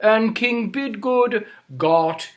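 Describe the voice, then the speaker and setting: A male storyteller telling children's stories, animated and inviting listeners to repeat lines. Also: high-pitched, extremely slow.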